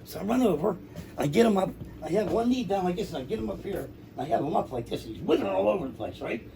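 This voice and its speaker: Man from the Pittsburgh area, rapid animated storyteller with a high, gravelly voice; faint hiss behind him. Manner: animated, swears, acts out voices. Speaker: recovery speaker. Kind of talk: storytelling to an audience.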